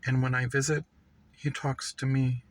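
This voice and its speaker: A man giving a measured, reflective reading of a literary story. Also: medium pitch, flat delivery, low-quality recording. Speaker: reader.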